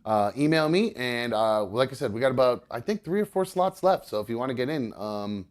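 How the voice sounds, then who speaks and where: A man's voice: mid-range voice, animated, fairly quick, slight background noise. A man co-hosting a podcast from home, talking in a rambling, casual way full of ums and uhs. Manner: rambling, many ums and uhs, laughs easily. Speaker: podcast co-host. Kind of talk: casual chat. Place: home with pets around.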